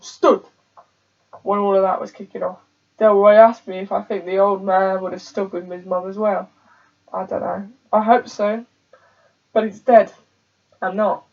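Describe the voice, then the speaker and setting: A young woman from England performs a solo dramatic monologue. She tells the story casually and breaks into loud bursts now and then. The voice sits back from the mic, and the recording sounds dull and muffled. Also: mid-range voice. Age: young adult. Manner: conversational storytelling with sudden loud outbursts. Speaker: theatre student. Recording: dull, distant home recording.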